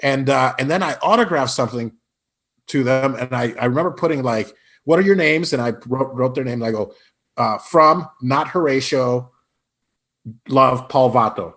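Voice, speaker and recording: A man from Illinois, an improv comedian, telling lively anecdotes as a podcast guest and acting out the people he quotes. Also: mid-range voice, normal speed. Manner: animated anecdotes with put-on quoted voices. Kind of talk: casual storytelling interview.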